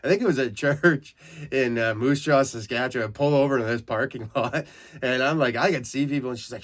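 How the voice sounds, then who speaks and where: A man's voice: medium pitch, brisk, fairly bright tone. A man from Canada hosting a comedy podcast, rambling through crude stories with frequent laughs. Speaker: podcast host. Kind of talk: casual comedic monologue.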